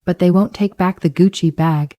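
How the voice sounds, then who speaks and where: A woman's voice: fairly even intonation, normal speed, warm tone, no echo, lightly acted. A woman voicing a panicked young woman who pleads and whimpers, her voice climbing as she begs. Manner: pleading, tearful, rising to high pitch.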